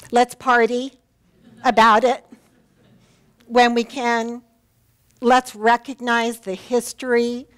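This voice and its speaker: Slow-spoken woman minister preaching. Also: fairly high pitch, clear, resonant tone. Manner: warm, personal storytelling with heartfelt pauses. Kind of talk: sermon. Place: church sanctuary.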